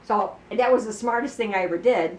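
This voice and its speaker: A woman's voice: mid-range voice, fairly quick. A woman telling a family story in casual conversation, acting out the dialogue and filling her talk with "you know.". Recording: roomy, distant, faint background noise.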